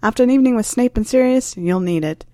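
Cheeky teenage prankster boy, played by a woman, bright and teasing. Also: on the high side, animated, fast talker, dry recording, studio quality, natural voice. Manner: jokey, bright.

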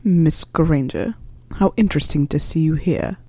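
In a storybook reading, a woman takes on the part of a stern, dry older male professor, delivering his lines slowly in a clipped, measured manner. Her voice is low-pitched with a dark tone, and there's no room sound.

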